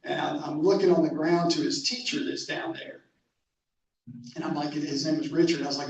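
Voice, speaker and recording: A man's voice: a little high, fairly even intonation, vocal fry. Man telling a story from afar in an echoey hall. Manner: storytelling, halting restarts. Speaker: camp director. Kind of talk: speaking to a club meeting. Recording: echoey hall, distant mic, faint noise.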